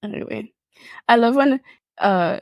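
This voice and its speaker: A woman's voice: a little high, unhurried, a little mellow, no room sound, clean studio sound. A woman co-hosting a podcast in casual chat, laughing often and playfully mimicking slang. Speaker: podcast co-host.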